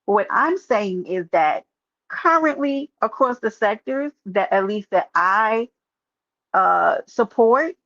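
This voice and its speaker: A woman live streamer, sharing her opinion in casual, animated talk and calling out viewers in chat by name. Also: mid-range voice, takes it slowly, no room sound, lo-fi sound.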